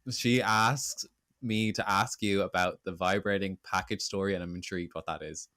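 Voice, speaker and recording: A man hosting a casual podcast, chatty and quick to laugh and agree. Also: deep voice, fairly even intonation, bright, forceful tone, no echo, studio quality. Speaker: podcast host.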